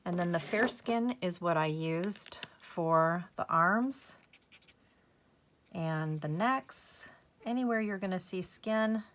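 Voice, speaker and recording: Slow, soft-spoken woman crafting tutor. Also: on the low side, a little hiss or hum. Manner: soft, unhurried, gently encouraging. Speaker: crafting channel host. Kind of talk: calm step-by-step crafting tutorial.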